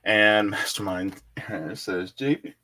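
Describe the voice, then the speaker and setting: Male stream host, lowish voice, casual and jokey, reads out chat messages between laughs. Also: slow, bright, forceful tone. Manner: laughs often, loose and joking. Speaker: livestream host. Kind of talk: casual chat reading viewer super chats. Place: indoors in Florida.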